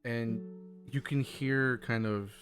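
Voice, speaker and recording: A man's voice: medium pitch, fairly even intonation, slow, fairly bright tone, soft background music. A man narrating as game master of a tabletop game, casual and loose, with lots of fillers. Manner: casual, laughing, with many fillers.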